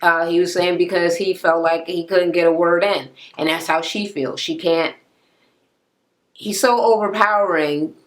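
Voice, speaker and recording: A woman's voice: fairly low pitch, unhurried. A woman ranting in a casual recap of a reality show, blunt, profane and mocking. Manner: exasperated, animated.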